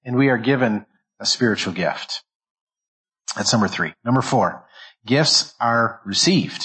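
A man's voice: mid-range voice, lively intonation, normal speed, pushed and bright, low-quality recording. Emphatic male pastor preaching. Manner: emphatic, word-by-word stress with repeated phrases; restarts and repeats words while thinking aloud. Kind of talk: sermon.

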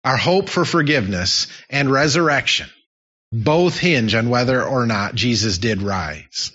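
A man's voice: medium pitch, expressive, unhurried, pushed and bright, slightly rough. A man preaching a sermon as pastor, emphatic and repeating his key phrases for effect. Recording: dull lo-fi sound.

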